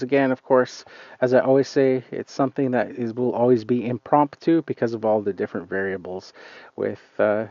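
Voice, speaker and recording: A man's voice: mid-range voice, a little mellow, no room sound, muffled recording. A man hosting a casual live stream outdoors, rambling and hesitant with lots of fillers, talking into a phone. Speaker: lawn care channel host. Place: outdoors on a client's lawn.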